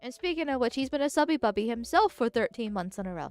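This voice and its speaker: A woman's voice: on the high side, expressive, fast talker, a little mellow, faint music behind. Stuffy-nosed, blunt woman streamer. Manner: blunt and direct. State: stuffy nose. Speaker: live streamer. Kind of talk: casual live-stream chat.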